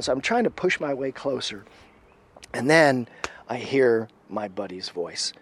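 A man tells a long personal story in a relaxed, chatty way at a middle pitch. He dips into near-whispers for the tense moments and brightens as he acts out the others' voices. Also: a little slow, a little hiss or hum. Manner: animated, acts out quoted voices, drops to a hush at tense moments. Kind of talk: casual spoken storytelling.

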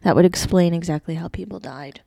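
Casual, dark-voiced young woman storyteller. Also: fairly low pitch, brisk, vocal fry, dry recording, studio quality. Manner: rambling storyteller, swears casually. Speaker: podcast co-host. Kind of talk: casual chat.

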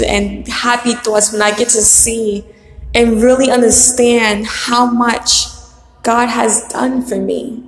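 A woman's voice: on the high side, fairly even intonation, measured pace, gravelly. A young woman giving an earnest, fervent faith testimony as a single church member, repeating her phrases for emphasis. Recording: echoey hall with long reverb.

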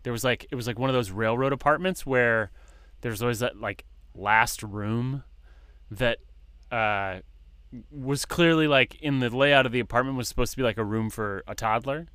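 A man's voice: mid-range voice, normal speed, clean tone, dry recording. A man co-hosting a casual podcast over a video call, telling rambling stories with lots of fillers. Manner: relaxed, rambling storytelling with many fillers. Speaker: podcast co-host. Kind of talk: casual chat. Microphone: microphone on a video call.

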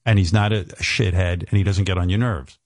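A man's voice: sits low, fairly even intonation, fast talker, a little mellow, no echo, studio quality. A man from New hosts a radio show, telling rambling stories full of profanity and fillers. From New York. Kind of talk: casual radio show banter.

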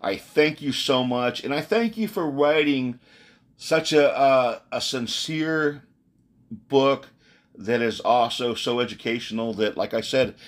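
A man's voice: mid-range voice, animated, a little slow. A man with a slight Southern drawl hosting an interview podcast, effusive and playful, often repeating words as he talks. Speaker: podcast host. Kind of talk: casual interview chat.

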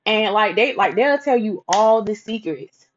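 A woman's voice: medium pitch, animated, measured pace, highs cut off, slight background noise. Profane, candid woman telling a story. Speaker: vlogger telling a personal story. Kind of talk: casual storytime monologue.

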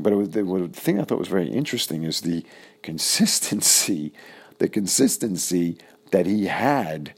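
A middle-aged man recalling an old friend in a casual, halting, reflective way with many pauses. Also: low-pitched, lively intonation, creaky, breathy edge. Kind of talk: casual personal recollection.

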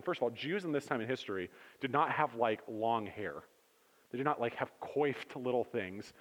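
Male pastor preaching, mid pitch, dramatic shifts from booming to hushed, heard in a reverberant sanctuary. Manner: animated storytelling, swings between loud and hushed. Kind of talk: sermon. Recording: long hall reverb.

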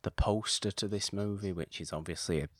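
A man with a very low voice leads a casual podcast chat, rambling eagerly and doubling up on his words. The sound is dry and close, with no room echo. He keeps talking as a steady host. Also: a little fast. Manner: enthusiastic, rambling, repeats words.

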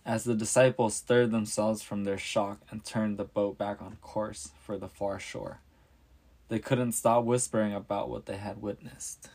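A man reading a Bible story aloud as a podcast narrator, measured and descriptive. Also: fairly low pitch, steady tone, a little mellow.

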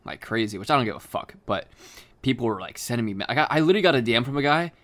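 Speaking rapid-fire in a medium-pitched, expressive, slightly bright voice, this young podcast co-host keeps the casual chat rambling and profane, full of fillers, restarts and frequent swearing.

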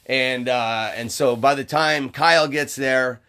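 A man's voice: mid-range voice, fairly even intonation, unhurried, sharp tone, clean tone. Young guy on a podcast, swears a lot, rambles w/ likes and uhs, just telling a story. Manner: rambling, profane, full of fillers and restarts. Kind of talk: casual storytelling chat.

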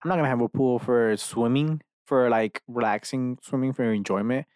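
A man's voice: mid-range voice, normal speed, darkish tone, clean tone, dry recording, clean studio sound. A man hosting a podcast alone in his bedroom, rambling from one idea to the next with lots of profanity and self-mocking asides. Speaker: podcast host. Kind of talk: rambling solo rant.

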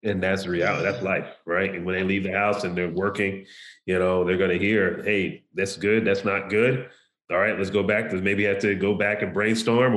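A low-voiced man hosts the show, nodding along and affirming what his guest says. His voice carries a noticeable room echo. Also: fairly bright tone. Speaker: host. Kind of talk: casual interview talk.

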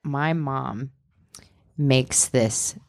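A woman's voice: extremely low pitch, drawn-out words, creaky, a little mellow, dry recording, studio quality. A woman co-hosting a podcast, playful and bawdy in her jokes. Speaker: podcast co-host. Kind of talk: casual chat.

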